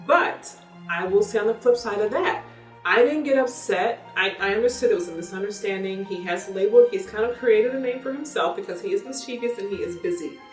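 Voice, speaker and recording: Woman, mid pitch, candid storyteller, roomy echo. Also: fairly quick, far from the mic. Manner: candid, animated retelling with quoted dialogue. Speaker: parent vlogger. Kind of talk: casual storytelling. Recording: echoey room, voice from off-mic, faint music.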